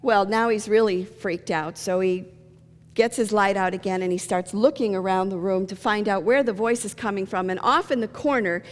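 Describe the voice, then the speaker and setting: A woman's voice: medium pitch, fairly even intonation, normal speed. A middle-aged woman pastor giving a sermon, telling stories and jokes. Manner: storytelling with jokes. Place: church sanctuary. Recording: long church reverb.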